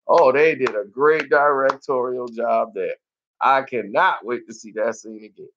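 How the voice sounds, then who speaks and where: Taking his time, a male movie reviewer chats casually about a film, laughing often and animatedly. He acts out scenes with high-pitched squeals, heard through slightly muffled, lo-fi audio.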